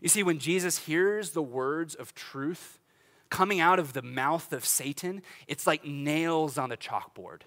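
A middle-aged pastor delivers a sermon in a loose, conversational way. His voice sits a touch high for a man, and he laughs easily and restarts his sentences as he goes. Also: unhurried, fairly bright tone. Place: church sanctuary.

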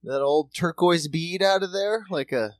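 A man's voice: on the high side, measured pace, no room sound. A man co-hosting a podcast, cracking jokes and swearing freely in casual chat. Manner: wisecracking, swears a lot. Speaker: podcast co-host.

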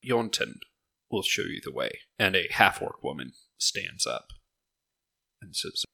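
Man game master, steady descriptive narration, deep voice, bright tone. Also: a little slow, vocal fry.

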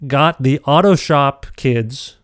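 A middle-aged man tells a self-deprecating story in a casual, animated way, often stumbling and restarting. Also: mid-range voice, takes it slowly, smooth, no room sound, clean studio sound. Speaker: podcast storyteller.

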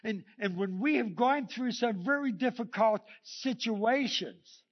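A male pastor preaching a sermon, telling stories with lively energy, acting out quotes and chuckling often. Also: extremely high pitch, unhurried. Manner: animated storytelling, acting out the scripture quotes; chuckles often between points. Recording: dull lo-fi sermon recording.

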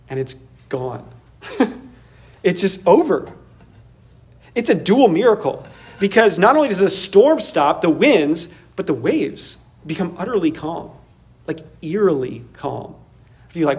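Animated man preaching a sermon. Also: fairly high pitch. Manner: animated, laughs often, acts out voices. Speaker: pastor.

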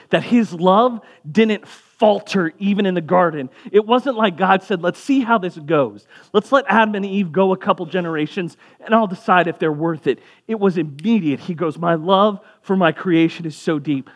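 Young male pastor with a fairly high voice, preaching in a relaxed, conversational tone. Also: moderate pace. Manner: conversational preaching, casual asides. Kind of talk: sermon.

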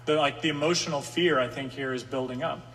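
A man's voice: medium pitch, fairly even intonation, fast, a bit bright. A man preaching a conversational sermon to a room of listeners, sometimes voicing the psalmist's anxious pleas. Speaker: pastor. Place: room with an audience. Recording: long hall reverb.

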